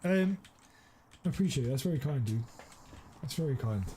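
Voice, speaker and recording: A man streaming a game, chatting casually and teasing his viewers, quick to exclaim. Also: mid-range voice, a little hiss or hum. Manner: excitable, teasing, exclaims often. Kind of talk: casual live-stream chat.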